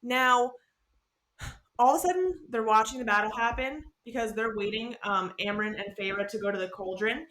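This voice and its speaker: A woman's voice: a little high, moderate pace, fairly bright tone. A young woman co-hosting a casual podcast, retelling a story animatedly with laughs and quoted voices. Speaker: podcast co-host. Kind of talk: casual book-discussion chat.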